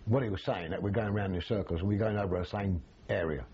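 An older man, recalling his army days in an animated, storytelling way, full of restarts. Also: low voice, fast talker, husky, lo-fi sound. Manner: animated, acts out quoted voices, frequent restarts. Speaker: army veteran interviewee. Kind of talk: storytelling reminiscence.

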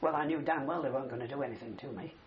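An older man with a medium-pitched voice races through a long wartime reminiscence in an interview, rambling and tacking "you see" onto his sentences. It's a dull older recording with faint hiss.

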